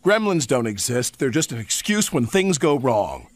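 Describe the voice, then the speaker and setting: A man's voice: medium pitch, sing-song, normal speed, no echo. A man voicing James, a scornful, boastful engine who scoffs and dismisses things. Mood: scoffing.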